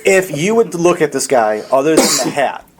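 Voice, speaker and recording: A man running a tabletop game as dungeon master, describing scenes in a relaxed, rambling way with lots of fillers. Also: on the high side, normal speed, background noise.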